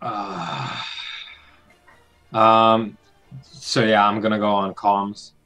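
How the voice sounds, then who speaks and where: Slow, hesitant male player. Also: lowish voice, fairly even intonation, pushed and bright, soft background music, poor audio. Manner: hesitant, many fillers. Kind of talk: casual tabletop game play.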